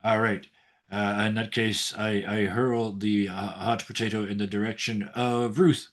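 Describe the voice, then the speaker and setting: A man's voice: fairly low pitch, level tone, measured pace. A man chatting casually on a tabletop gaming stream, laughing often and using lots of fillers. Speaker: game master and player introducing himself.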